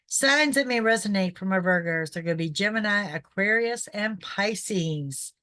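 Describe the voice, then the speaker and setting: A female psychic host chats casually through a horoscope reading, often pausing to ask "okay?". Her medium-pitched voice is lively in intonation, pushed and bright, at a moderate pace, though her throat is irritated by pollen. There's no room sound.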